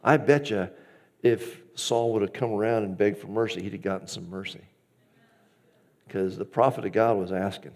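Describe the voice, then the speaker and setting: A male pastor preaching a sermon, animated, acting out the scripture he reads and dropping to quiet asides. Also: on the low side, normal speed. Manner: animated, swings between loud emphasis and quiet asides; acts out quoted lines from scripture.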